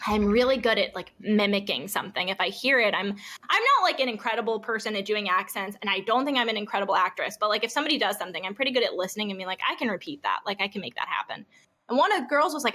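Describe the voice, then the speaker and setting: A young woman in her twenties, a podcast guest, telling stories in casual chat, bubbly and quick to laugh, with lots of "like". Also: mid-range voice, expressive, pushed and bright.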